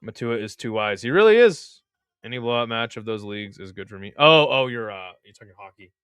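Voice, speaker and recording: A man's voice: mid-range voice, animated, a little fast, fairly bright tone, clean tone, no room sound. A young man hosting a live stream, giving casual play-by-play in a laid-back, slangy way and chatting with viewers.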